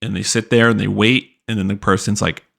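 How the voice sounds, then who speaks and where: Brief: young male podcast host, low and gravelly, loose profane rant. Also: level tone, fairly quick, a bit bright. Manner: loose, profane, lots of "like" fillers. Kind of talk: casual commentary rant.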